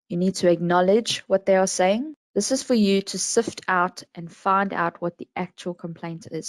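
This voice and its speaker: Woman, South African accent, webinar instructor, steady measured delivery, slight fry. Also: lowish voice, no room sound. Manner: calm, measured advice with fillers. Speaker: national complaints administrator. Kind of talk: business webinar talk.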